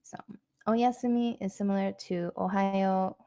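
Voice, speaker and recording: A woman giving a casual online language lesson, chatty and loose with lots of fillers, saying practice phrases slowly and clearly. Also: medium pitch, steady tone, warm tone, dry recording, clean studio sound. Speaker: Japanese language teacher.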